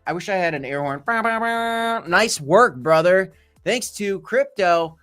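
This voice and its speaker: A man's voice: high voice, expressive, unhurried, fairly bright tone, soft background music. A man hosting a crypto livestream, rambling and joking with frequent restarts. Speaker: crypto channel host. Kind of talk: livestream commentary.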